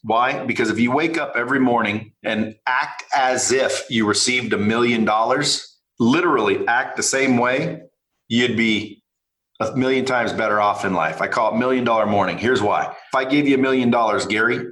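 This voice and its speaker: A man guest on a podcast, talking bluntly and with a lot of swearing as he tells animated stories. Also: mid-range voice, normal speed, reverberant, low-quality recording. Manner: blunt, profane, animated storytelling. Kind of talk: casual podcast interview.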